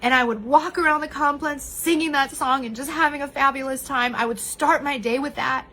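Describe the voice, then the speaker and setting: A woman with a high voice shares a heartfelt personal story on a live stream. She talks openly and candidly to her viewers, laughing often as she goes. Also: brisk, pushed and bright. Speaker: vlogger sharing personal story. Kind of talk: emotional live-stream monologue.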